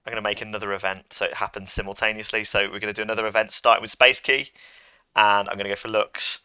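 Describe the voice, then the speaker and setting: A man's voice: fairly low pitch, little pitch movement, fast, sharp tone, smooth, dry recording. A man teaching a coding lesson to pupils, chatty and playful as he talks through each step on a computer microphone. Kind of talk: screen-recorded coding lesson.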